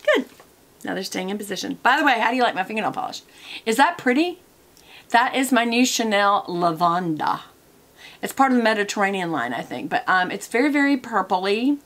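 A woman chats to camera from her desk in a loose, rambling vlog, drifting from one tangent to the next. Her voice sits at an ordinary middle pitch, easy and conversational, with plenty of ums along the way. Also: big pitch swings, fairly quick, fairly bright tone. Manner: chatty, wanders off on tangents, many fillers. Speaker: product review vlogger.

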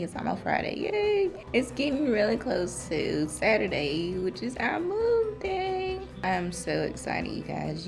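Woman vlogger, chatty and excitable, lowish lively voice with a gravelly edge, background music. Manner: excitable and chatty, baby talk to her pets. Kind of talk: casual home vlog. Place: small apartment.

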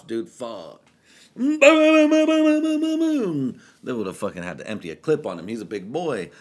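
A young adult male podcast host, sounding tipsy, tells stories in a loose, rambling way, heavy on profanity and delivered as casual chat. His voice is lowish with a fairly bright tone.

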